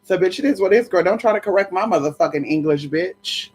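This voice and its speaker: A sassy livestream host who chats casually and greets viewers one by one, voice sitting in a middle pitch. The talk is loose and profane, full of endearments and asides. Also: fast talker, breathy edge. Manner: swears freely. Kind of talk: casual live chat.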